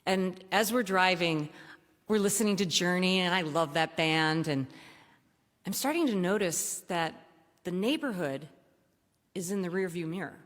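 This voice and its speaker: A woman around sixty from Michigan telling a true story on a theater stage, lively and animated, acting out the dialogue. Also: on the low side. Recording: reverberant theater hall.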